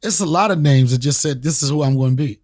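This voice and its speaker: A man, a comedian and podcast host, telling a story in a casual interview with emphatic, profane, animated talk. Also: fairly high pitch, quick pace. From Washington, D.C. area. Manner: animated, profane, emphatic, repeats phrases for punch.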